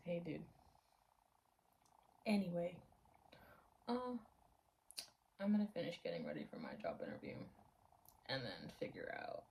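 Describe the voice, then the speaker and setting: A woman's voice: fairly low pitch, huge pitch swings, unhurried, vocal fry, pauses often, dark tone, slight background noise, poor audio. A woman in her twenties chatting casually to camera at home, rambling, laughing often and dropping into half-whispers. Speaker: vlogger.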